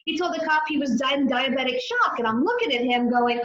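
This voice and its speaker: High-voiced woman telling her story. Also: a little fast, few pauses, reverberant, lo-fi sound. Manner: animated, acts out dialogue in her retelling. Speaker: addiction clinician and author, guest. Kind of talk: interview storytelling.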